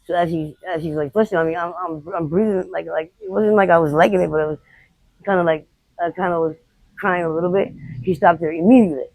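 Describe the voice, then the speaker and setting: A woman interviewed outdoors on the street, recounting her experiences in a blunt, unfiltered way with halting restarts. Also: fairly low pitch, steady tone, darkish tone, dry recording, poor audio. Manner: rapid, halting retelling. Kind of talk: candid personal storytelling.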